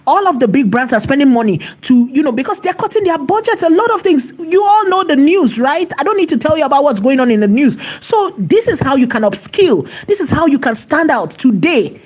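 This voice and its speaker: A woman hosting a screen-share tutorial, chatty and emphatic, often repeating phrases and checking in with "right?", slowing down to dictate as she types. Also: high voice, sing-song, darkish tone. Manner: slows to dictate while typing. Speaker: AI tutorial host.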